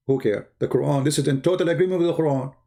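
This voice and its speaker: A man's voice: on the high side, rapid-fire, vocal fry, warm tone. A man with giving mocking, sarcastic commentary on video clips. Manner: sarcastic, repeats words for effect, non-native phrasing.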